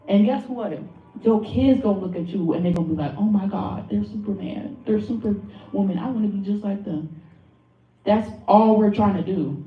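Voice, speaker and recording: A woman leading a motivational workshop, playful and profane, acting out quotes as she talks. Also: lowish voice. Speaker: workshop leader and tarot reader. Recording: muffled, echoey, far from the mic.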